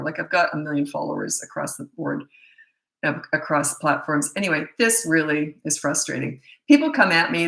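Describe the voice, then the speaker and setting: Middle-aged woman, parenting coach, blunt and opinionated, lowish gravelly voice, echoey room. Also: sharp tone. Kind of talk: casual Q&A talk to camera.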